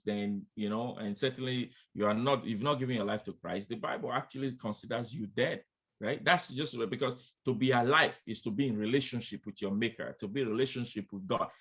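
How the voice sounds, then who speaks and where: Bright-voiced male preacher, emphatic. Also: mid-range voice, expressive, a little fast, breathy edge. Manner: emphatic, repeats refrains, calls out "come on, somebody"; addresses listeners directly as friends. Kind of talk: sermon.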